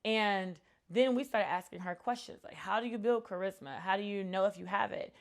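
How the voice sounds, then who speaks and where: A woman's voice: medium pitch, moderate pace, vocal fry. A woman in her thirties talks straight to camera about what she has learned running a business. Her delivery is earnest and reflective, loose and conversational, with frequent ums and restarts. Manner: earnest, reflective, many fillers. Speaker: entrepreneur vlogger. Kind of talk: casual talk to camera.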